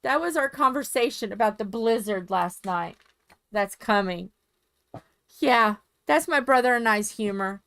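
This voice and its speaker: A woman's voice: on the high side, expressive, a little slow, a bit bright, no room sound. A woman chatting casually on a home live stream, rambling and joking and swearing freely.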